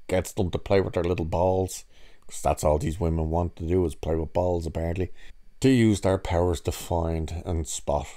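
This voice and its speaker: A man's voice: sits low, dark tone. A man casually recapping and reviewing a TV episode in a sarcastic, mocking way, swearing often. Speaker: show reviewer.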